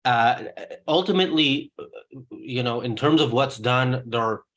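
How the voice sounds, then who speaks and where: A man hosting a political talk show, speaking in a measured and hesitant way with frequent fillers. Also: medium pitch, fairly bright tone. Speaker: host. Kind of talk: political discussion.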